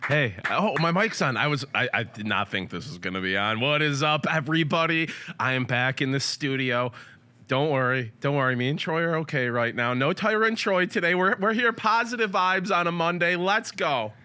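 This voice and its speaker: A man in a casual show chat, upbeat and enthusiastic, giving shout-outs to viewers. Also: a little high, normal speed, smooth. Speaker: co-host.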